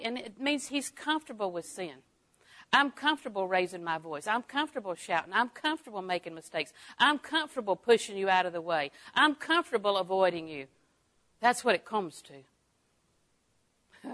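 An older woman delivers a Bible lesson with a bright, clear tone. She chuckles often and voices her own thoughts in quick quoted asides. Her delivery swings from soft, confiding remarks to loud, emphatic lines. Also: mid-range voice. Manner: lively, laughing often, acting out inner thoughts. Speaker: Bible teacher. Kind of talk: sermon.

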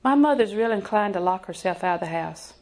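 Gravelly older woman preaching with humor. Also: medium pitch, lively intonation, brisk, slight background noise. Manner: folksy and joking, drops to a hushed voice for emphasis. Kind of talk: sermon.

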